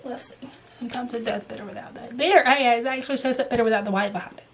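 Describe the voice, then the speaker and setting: A chatty woman with a Southern US accent, her voice sitting a touch high, rambles happily through her thread haul in a casual home video. She drifts into hushed near-whispers when leaning in to show a color, then comes back up to her easy chatting tone. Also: quick pace. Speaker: cross-stitch vlogger. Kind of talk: casual chat.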